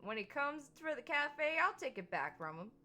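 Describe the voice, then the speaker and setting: A woman's voice: sits high, very animated, moderate pace, sharp tone, pitched above the performer's own voice, full character voice. A woman voicing a brash young man with a tough big-city attitude, reading lines from a visual novel in a blunt, combative way. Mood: defiant. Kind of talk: visual novel read-aloud with character voices.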